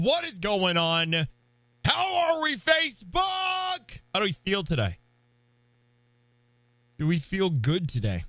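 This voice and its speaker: A young man hosting a live game stream, hyped and playful, shouting greetings to his chat. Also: high voice, no echo.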